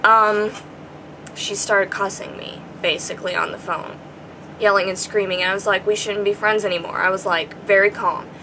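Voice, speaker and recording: A young woman in a personal vlog, earnest and emotional, her voice dropping soft as she nears tears. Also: mid-range voice, fairly even intonation, moderate pace, noisy background. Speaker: vlogger answering viewer questions.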